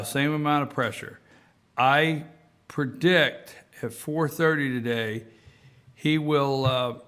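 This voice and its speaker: A man hosting a talk show, giving casual political commentary and repeating himself for emphasis. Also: mid-range voice. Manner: animated, repeats himself for emphasis, addresses folks.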